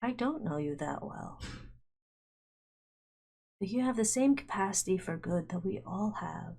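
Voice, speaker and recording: A woman's voice: mid-range voice, animated, vocal fry, darkish tone, slightly rough, exaggerated voice. A woman reading as an earnest, kind dad. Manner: earnest, encouraging, measured. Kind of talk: reading game dialogue aloud.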